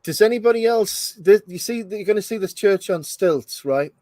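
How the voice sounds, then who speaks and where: Host for a watch-along commentary: a rambling man, higher voice, dry sound. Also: animated, moderate pace, warm tone, dry recording. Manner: rambling, thinking aloud with many fillers. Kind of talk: casual movie commentary.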